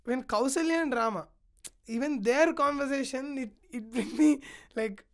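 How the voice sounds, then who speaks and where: A woman's voice: high-pitched, moderate pace, vocal fry. A woman on a podcast retelling an epic story in casual chat, acting out the quoted lines and filling her talk with "like". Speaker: podcast guest.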